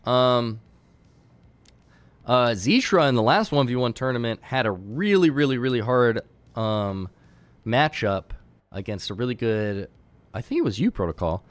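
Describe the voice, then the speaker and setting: A man's voice: medium pitch, expressive, unhurried, pauses often, dry recording. A man hosting a game tournament on a live stream. He talks casually to his chat, rambling with fillers and restarts.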